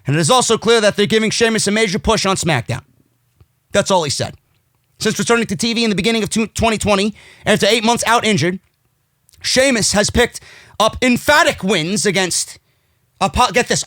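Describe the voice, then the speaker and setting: A man with a strikingly high, bright voice rants through wrestling commentary, profane and sarcastic, his tone leaping up and down with heat. He sounds close to the mic in a dry, dead room. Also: lively intonation, fairly quick, no echo. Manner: profane, sarcastic and heated, swinging loud. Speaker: wrestling podcast host. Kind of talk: ranting commentary.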